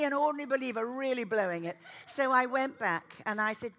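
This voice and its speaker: A middle-aged woman preaching a sermon, animated and self-mocking, often laughing as she tells stories. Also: high voice, brisk, hardly any pauses.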